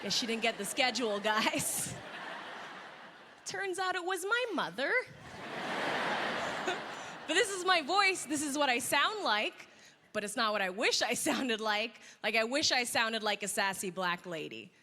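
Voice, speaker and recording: A woman's voice: on the high side, lively intonation, measured pace, long pauses, long reverb tail. A woman comedian doing a self-deprecating stand-up set on a live stage, chatty and full of asides to the crowd. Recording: live show with loud crowd noise.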